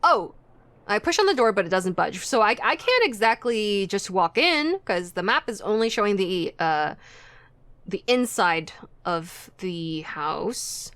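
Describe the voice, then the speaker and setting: A woman's voice: mid-range voice, big pitch swings, a little slow, fairly bright tone, no echo. Bubbly woman playing a game aloud. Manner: chatty, bubbly, thinking aloud. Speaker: game streamer. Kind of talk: casual game commentary.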